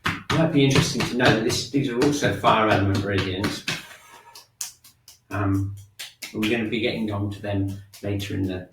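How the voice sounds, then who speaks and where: A man teaching a shiatsu and qi gong class, talking students through breathing and tapping with calm, gentle prompts. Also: on the low side, moderate pace, pauses often, over music. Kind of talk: guided exercise class. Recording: echoey room, mic at a distance.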